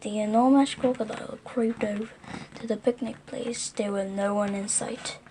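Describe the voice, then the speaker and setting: A woman reading a children's storybook aloud slowly and carefully, with occasional slips. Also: a little high, steady tone, mellow, a little hiss or hum. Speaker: reader.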